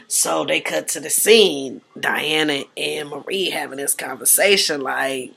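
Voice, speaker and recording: A woman's voice: low voice, expressive, a little slow, vocal fry, fairly bright tone. A woman recapping a reality show in casual, blunt, profane slang. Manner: blunt, profane, slangy gossip with acted-out quotes.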